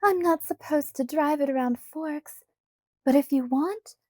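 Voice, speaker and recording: A woman puts on a bubbly teenage vampire girl who trills her words in a lilting sing-song, pitched well above a warm, mellow base. She sounds pushy and breezy at once, like a storybook character who always gets her way. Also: measured pace, dry recording, clean studio sound. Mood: chirpy.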